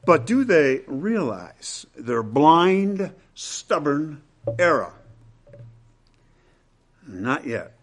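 Male preacher, fairly high voice, very animated pitch, emphatic sermon delivery. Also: drawn-out words, long pauses. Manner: dramatic, emphatic delivery with big swings between loud and hushed.

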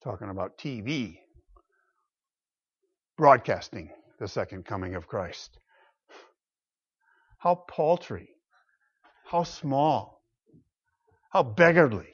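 A man preaching a sermon, emphatic, swinging between loud exclamations and quiet low asides. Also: lively intonation, takes it slowly, long pauses, slightly rough, highs cut off.

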